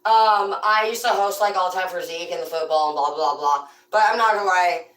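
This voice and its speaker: A woman telling profane, rambling comedic stories about growing up on a farm, in a loose, animated way. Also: fairly low pitch, brisk, recorded from a distance. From rural farm upbringing. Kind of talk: casual comedic storytelling. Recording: roomy, away from the mic.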